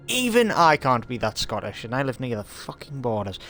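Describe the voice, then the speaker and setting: Tired male streamer, mid pitch, chatty and sweary, reads a story between asides. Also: very animated, brisk, fairly bright tone, soft background music. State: tired from work. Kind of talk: casual live-stream commentary and story reading.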